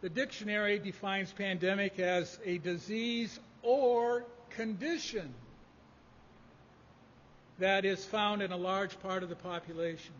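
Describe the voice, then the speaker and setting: A man preaching a sermon, measured and emphatic in delivery. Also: high voice, fairly bright tone, a little hiss or hum. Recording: dull lo-fi audio in a reverberant hall.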